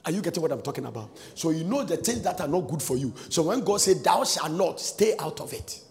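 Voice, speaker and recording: Gravelly sing-song preacher man. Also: on the high side, very animated, brisk. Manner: sing-song preaching cadence, swinging from shouts to soft asides. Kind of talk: sermon. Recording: long reverb of a large hall.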